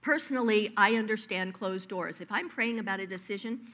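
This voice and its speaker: A woman delivering a sermon with plenty of personal stories. Her voice sits at an ordinary middle pitch. She tells the stories in a lively, emphatic manner. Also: a little fast. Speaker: preacher.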